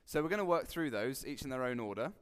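A man giving a relaxed, conversational sermon, joking and acting out quotes with sudden loud bursts. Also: medium pitch, quick pace, smooth. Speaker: preacher. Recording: long hall reverb.

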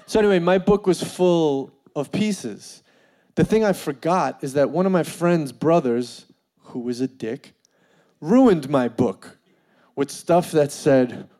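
A man telling a funny personal story in an animated way, full of fillers and laughing as he goes. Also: on the high side, measured pace. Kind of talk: comedic storytelling.

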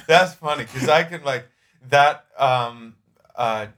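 A man co-hosting a casual podcast chat, halting and repeating words, with lots of "like" and "um". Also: medium pitch, fairly bright tone, a little hiss or hum.

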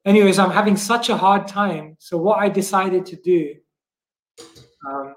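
British man, interview guest, high voice, animated stories, lots of fillers, echoey room. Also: unhurried. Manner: animated storyteller with many fillers and laughs. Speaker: guest, monk and book distributor. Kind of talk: casual interview storytelling.

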